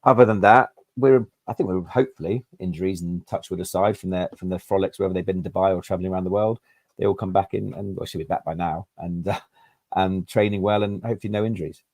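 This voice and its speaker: A man's voice: sits low, fairly even intonation, fast talker, darkish tone, dry recording. A man co-hosting a casual live football chat, rambling with plenty of fillers and restarts. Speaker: podcast co-host.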